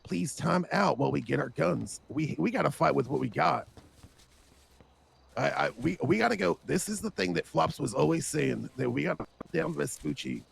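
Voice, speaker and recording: A man's voice: fairly high pitch, lively intonation, moderate pace, gravelly, slight background noise. A man speaking in character in a gang roleplay, urgent and insistent, swearing often and pressing his point.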